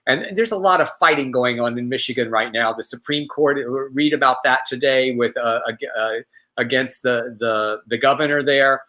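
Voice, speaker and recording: A middle-aged man co-hosts a casual live show, his voice bright and forward. He rambles through his stories, restarting his sentences as he goes. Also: mid-range voice, moderate pace, low-quality recording. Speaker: co-host.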